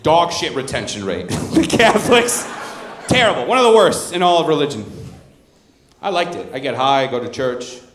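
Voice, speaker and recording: A man in his thirties doing stand-up on a club stage into a handheld mic, with a high voice that swings up and down a lot as he tells deadpan, crude stories. The room sounds roomy and open, with a faint murmur in the background. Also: moderate pace, slight background noise. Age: 30s. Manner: deadpan storytelling with crude asides. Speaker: stand-up comedian. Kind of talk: stand-up comedy set. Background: audience laughter.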